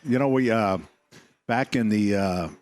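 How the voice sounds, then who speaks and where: A man co-hosting a radio show, speaking casually in a rambling, halting way full of fillers. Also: on the low side, a little mellow, slight background noise. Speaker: radio co-host. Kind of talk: casual on-air radio chat.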